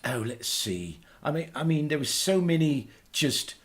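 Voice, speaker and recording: A man's voice: on the high side, big pitch swings, measured pace. A man playing a boastful aging British punk singer with a Liverpool accent, who guest hosts a radio show in a rambling, hesitant way. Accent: Liverpool English. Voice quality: rambling, hesitant, full of fillers. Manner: bursts into loud ranting. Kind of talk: comic radio character chat.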